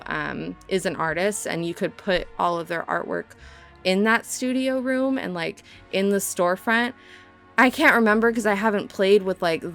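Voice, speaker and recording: A young woman from Southern California with a slight Minnesotan twang, chatting casually and rambling over her game build in a self-deprecating way. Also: lowish voice.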